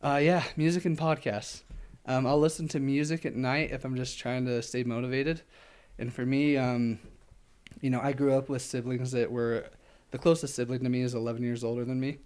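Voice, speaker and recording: Here an ultramarathon runner, interviewed casually, rambles with many fillers, laughs easily, and sounds a touch out of breath. His medium-pitched voice is darkish and clean, with little pitch movement and a normal speed.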